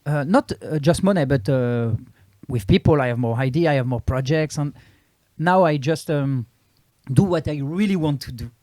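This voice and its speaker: A man's voice: on the high side, moderate pace, darkish tone, no room sound, clean studio sound. A French comedian, a man with a French accent whose native language is French, chatting as a guest while searching for English words. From France. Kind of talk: casual interview chat.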